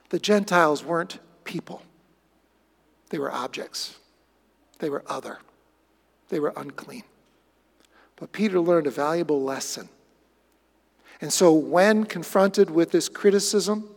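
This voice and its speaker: A male pastor delivers a sermon with a high voice. He is animated, swings from excited bursts to hushed asides, and his voice rings through an echoey hall. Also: gravelly, slightly rough.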